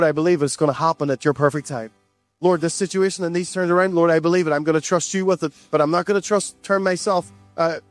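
A man with a high voice delivers a sermon to his church, animated and repeating his points for emphasis. The sound is dry and close, with faint music playing behind him. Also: no room sound. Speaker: pastor.

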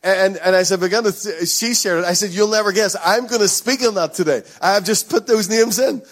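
A man's voice: high-pitched, brisk. A middle-aged man preaches from the pulpit in a slightly raised voice. He is earnest and emphatic and often repeats his key lines for weight. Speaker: pastor. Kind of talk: sermon.

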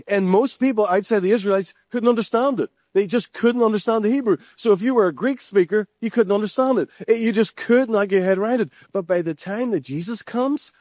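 A man's voice: sits high, darkish tone, dry recording, studio quality. Earnest male pastor preaching. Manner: earnest, repeats phrases, addresses the church directly. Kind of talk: sermon.

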